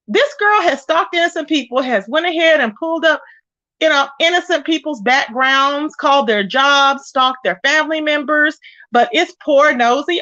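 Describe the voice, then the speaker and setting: A woman hosting a casual live gossip stream, greeting viewers by name and retelling the drama with lively quoted voices. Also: sits high, no room sound, highs cut off. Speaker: host of a live gossip channel. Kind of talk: casual livestream chat.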